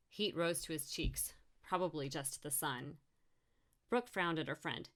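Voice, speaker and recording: A woman with a low, steady voice reads a short story aloud as an audiobook. She tints the dialogue with small changes for each character. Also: measured pace. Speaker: audiobook narrator. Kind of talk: audiobook narration.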